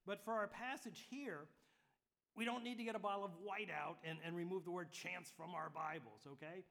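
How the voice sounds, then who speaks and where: A man's voice: sits high, steady tone, moderate pace, a bit bright. A man preaching a sermon in a conversational way, checking in with his listeners and adding light humor. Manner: conversational preaching with frequent "okay?" check-ins; light humor woven into teaching. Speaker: pastor.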